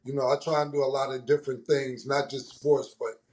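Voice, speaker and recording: A man's voice: medium pitch, flat delivery, a little fast, a little mellow. A man hosting a casual sports talk show, telling stories loosely and with a lot of slang. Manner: loose slang-heavy storytelling. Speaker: host.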